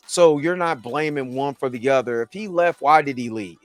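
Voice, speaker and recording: A man's voice: medium pitch, moderate pace, no room sound. A man hosting a show, recapping a TV episode in a casual, conversational way and often asking "you know what I mean". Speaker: show host reviewing a TV episode.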